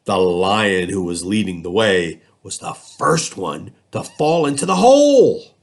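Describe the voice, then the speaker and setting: A man reading a children's storybook aloud, expressive and lively in his storytelling. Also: sits low, a little slow. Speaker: school district reader.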